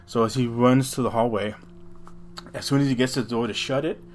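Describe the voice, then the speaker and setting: A man's voice: mid-range voice, fairly even intonation, brisk, a little hiss or hum. A man co-hosting a podcast, retelling a scary story in a rambling, profane way with lots of restarts. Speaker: podcast co-host. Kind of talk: casual storytelling chat.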